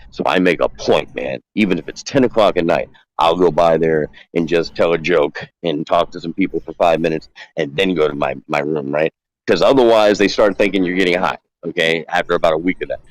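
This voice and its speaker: A man with a low voice tells a winding story, slipping into the voices of the people he quotes. The sound is dry and close, with no room around it. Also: no room sound, rough recording. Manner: rambling, acts out quoted dialogue. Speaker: guest calling in. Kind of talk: casual storytelling.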